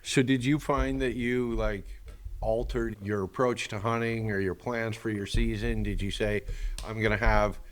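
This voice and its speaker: Podcast host guy, lower voice, easygoing questions. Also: normal speed. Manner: relaxed questioner with short agreeing replies. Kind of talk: casual interview.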